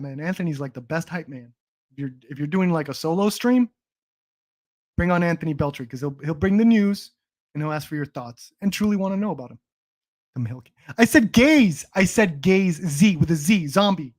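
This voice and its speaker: A young man talks on his livestream in a slightly high voice. He rambles, restarts his sentences and swears as he chats casually about movies. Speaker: stream host.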